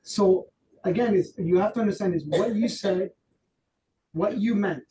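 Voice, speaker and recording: A man running a real estate training workshop, loose and animated, acting out quotes with plenty of fillers. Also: high voice, moderate pace. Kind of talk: workshop talk. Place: training room. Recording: roomy, distant, faint noise.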